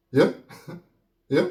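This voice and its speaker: A man telling a story in a casual, animated way, laughing often and checking in with "yeah?". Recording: roomy echo.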